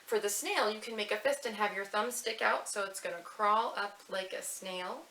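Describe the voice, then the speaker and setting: A woman leading a family story time at a library, chanting rhymes in a sing-song way, slowly for the snail and fast for the mouse. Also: medium pitch, pushed and bright. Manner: sing-song, reads rhymes slowly and quickly to match the words. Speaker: children's librarian. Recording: echoey room with faint hiss.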